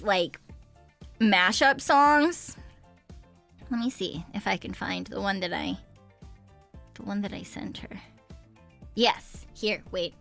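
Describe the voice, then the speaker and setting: A young woman streamer chatting casually with viewers, giggly and sweary, with a slight vocal fry and bits of singing. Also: on the high side, a bit bright. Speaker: VTuber streamer.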